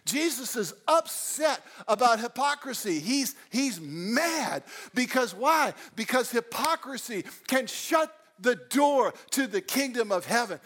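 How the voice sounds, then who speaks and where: A man preaching a sermon with a fairly high voice. His delivery is animated, rising to loud emphatic lines and dropping into hushed storytelling. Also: measured pace, few pauses. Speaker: pastor.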